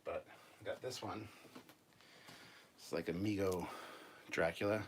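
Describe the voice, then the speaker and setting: A man hosting a casual livestream show-and-tell from a room at home, talking in a relaxed, rambling, self-deprecating way. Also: low-pitched, unhurried, music in the background. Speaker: channel host. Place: upstairs room at home filled with collectibles.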